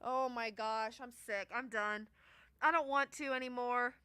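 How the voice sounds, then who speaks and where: A young adult woman hosts a live sports betting reaction stream from a sports studio, groaning and pleading emotionally as her bet goes wrong. Her fairly high voice is unhurried, fairly even, pushed, bright, and smooth. The studio-mic recording is clean with no echo.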